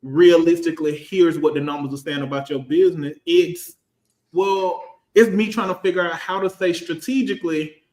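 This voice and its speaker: A man in his thirties, a finance professional on a casual business panel, talking in an animated, slangy way and acting out quoted voices. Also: a little high, normal speed, echoey room. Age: 30s.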